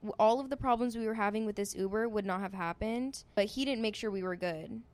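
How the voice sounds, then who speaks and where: A woman's voice: mid-range voice, brisk, a little mellow. A young woman co-hosting a casual chat, bluntly chiming in with short remarks and cursing. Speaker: co-host.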